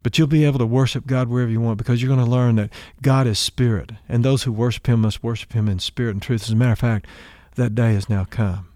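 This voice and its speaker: Calm patient Jesus, a male preacher retelling him, warm low tone, dry sound. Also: quick pace, no room sound, lightly acted. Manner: plain conversational retelling with everyday words.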